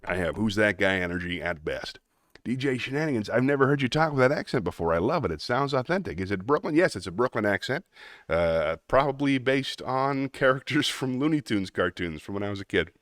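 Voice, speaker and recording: A man's voice: mid-range voice, animated, a little fast, fairly bright tone, no room sound, clean studio sound. A man hosting a casual livestream, rambling in a self-deprecating way and answering chat messages aloud. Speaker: livestream host.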